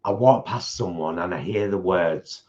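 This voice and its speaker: A man's voice: low-pitched, a little mellow, dull audio. A man with a northern English accent from Oldham, co-hosting a casual eating livestream and cracking jokes. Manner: jokey, breaks into song, quick asides. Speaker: co-host of a food channel. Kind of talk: casual chat while eating live.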